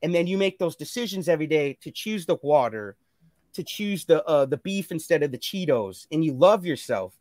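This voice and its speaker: Earnest high-voiced man preaching self-love. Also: expressive, moderate pace, a little mellow, no echo, clean studio sound. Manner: earnest, preachy, repeats phrases. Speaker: guest. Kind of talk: motivational casual chat. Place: live stream call.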